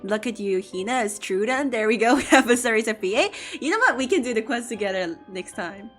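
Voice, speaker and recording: A woman streaming a video game live, commenting excitedly, laughing often and reading character lines aloud. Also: on the high side, fairly quick, soft background music.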